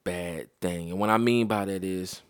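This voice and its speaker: A man's voice: sits low, moderate pace, no echo. Guy ranting his opinions, blunt and swearing a lot, dry close sound. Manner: blunt, profane, heated rant. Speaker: parent sharing opinions. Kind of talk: opinion monologue to viewers.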